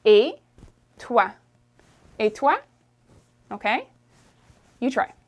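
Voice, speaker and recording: A woman's voice: on the high side, lively intonation. Encouraging woman teaching French. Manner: encouraging, repeats phrases slowly for practice. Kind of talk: friendly language lesson.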